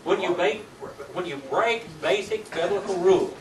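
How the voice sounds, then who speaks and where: A man's voice: high-pitched, moderate pace, distant mic, crowd noise. An older man teaching a Sunday school Bible class, quizzing his students with folksy tag questions. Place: church classroom. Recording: echoey room recorded from afar, faint hiss.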